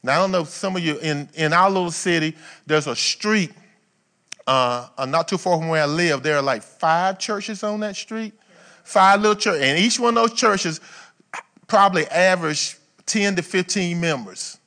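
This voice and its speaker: A male pastor preaches in an easy, down-home manner, tossing rhetorical questions to his congregation. His voice sits a little high for a man, dropping to quiet asides and then rising into loud, emphatic bursts. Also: normal speed. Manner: folksy, colloquial phrasing. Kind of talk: sermon.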